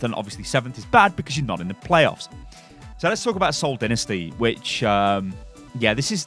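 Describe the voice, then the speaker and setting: A British man hosting a gaming news show in a chatty, opinionated commentary style. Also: mid-range voice. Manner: animated, opinionated, chatty with fillers.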